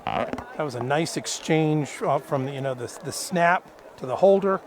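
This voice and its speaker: Guy doing color commentary from a camera perch outside, kinda high voice, rambles and restarts, light outdoor noise. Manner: rambling, halting, lots of fillers and restarts. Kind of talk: local sports commentary. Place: outdoor camera platform in the rain.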